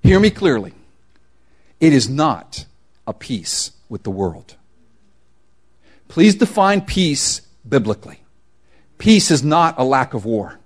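A man preaching a sermon as pastor, conversational and slangy, swinging from hushed lines to loud emphasis. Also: medium pitch, big pitch swings, takes it slowly, pauses often. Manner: conversational, uses casual slang.

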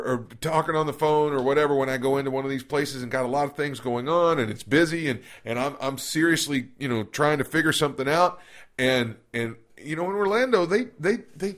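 A man's voice: medium pitch, lively intonation, fairly quick, a bit bright. Folksy rambling man telling stories. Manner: folksy, rambling, many restarts and repeated words. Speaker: podcast co-host. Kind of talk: casual conversational storytelling. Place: office recording room.

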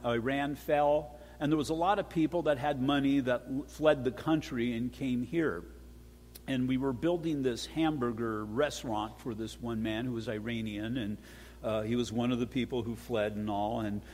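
A middle-aged pastor delivering a sermon, earnest and emphatic, building with repetition. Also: male voice, medium pitch, darkish tone, slight background noise. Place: church sanctuary. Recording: long church hall reverb.

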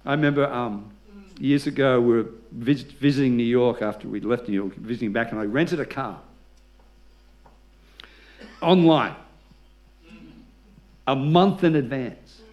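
A man's voice: medium pitch, a little slow, long pauses, dull audio. A male pastor preaching a sermon, telling stories with humor and leading the congregation in call-and-response.

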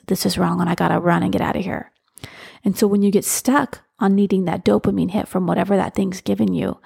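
Woman podcast host, earnest storyteller, super gravelly fry, kinda husky. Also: mid-range voice, darkish tone. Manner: earnest storytelling with many restarts and fillers. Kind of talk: casual solo talk.

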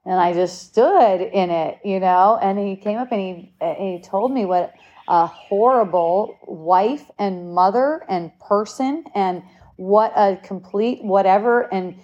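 In a lo-fi recording, a woman in her late forties candidly shares a personal story during a casual chat, laughing often and swearing freely. Her medium-pitched voice has a darkish tone and a slightly slow delivery.

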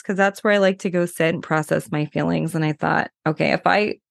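A woman in her thirties hosts a podcast and tells a personal story in a candid, conversational way. Her voice sits low and sounds close and dry, with no room around it. She piles on fillers, rushes when worked up, and eases into a slow, deliberate pace for the breathing steps. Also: steady tone, vocal fry, no room sound. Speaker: podcast host and body worker. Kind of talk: personal storytelling, guided reflection.

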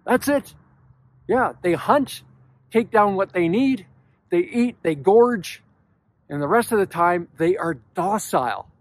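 A man with a notably high voice giving a motivational podcast talk to men. He speaks emphatically and bluntly, dropping casual swear words. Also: lively intonation, slow pace. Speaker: podcast host.

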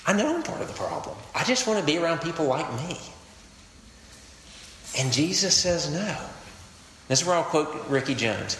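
A man delivers a conversational, earnest sermon with a bright, forceful voice. The sound is roomy, with a long reverb tail from a large hall. Faint ambience sits under his words. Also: a little high, expressive, moderate pace, pauses often, slight background noise. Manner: earnest, conversational preaching with quoted anecdotes. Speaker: campus ministry pastor.

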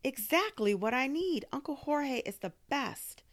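A woman reading aloud and voicing an eager, curious young boy who fires off excited questions. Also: high voice, unhurried, voice pushed up. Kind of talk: audiobook reading.

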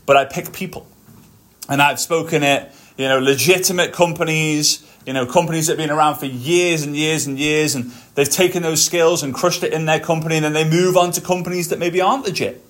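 A man hosting his own podcast, telling stories in an energetic motivational monologue while walking on a treadmill. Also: fairly high pitch, a little fast. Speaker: podcast host.

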